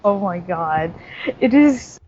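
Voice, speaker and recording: A woman's voice: on the low side, lively intonation, slow pace, a little mellow, a little hiss or hum. A woman from the southern United States, a podcast guest in casual chat who rambles and laughs often. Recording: dull lo-fi audio.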